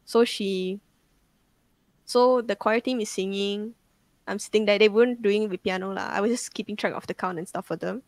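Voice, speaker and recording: A young woman rambles through a ghost story on a game stream. She fills every pause with "like" and swears casually. Her pitch sits mid-range, and the sound is dry and close. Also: no room sound. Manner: rambling, full of "like" fillers and swearing.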